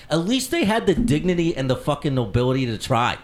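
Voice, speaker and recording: A man hosting a casual podcast, ranting loudly with mock anger and lots of swearing. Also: fairly high pitch, big pitch swings, fast. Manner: profane, loud mock-angry rants. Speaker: podcast host.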